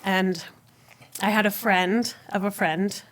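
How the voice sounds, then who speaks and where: A woman speaks as a podcast guest and shares her personal story of faith. She tells it in an animated way, laughs often and slips into her own past words as she goes. Her pitch sits in an ordinary middle range. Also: slow pace. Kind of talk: personal faith testimony in conversation.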